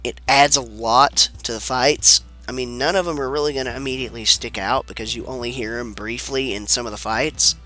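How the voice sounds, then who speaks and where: A man's voice: mid-range voice, steady tone, fairly quick, hardly any pauses, sharp tone, faint music behind. A man with a sick-sounding voice, giving laid-back, rambling commentary over a video game, swearing casually. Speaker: let's play commentator.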